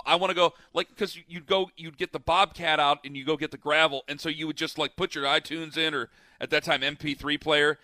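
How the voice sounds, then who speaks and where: A man's voice: a little high, bright, forceful tone, no echo, clean studio sound. A man in casual chat, telling long rambling stories with lots of fillers and restarts.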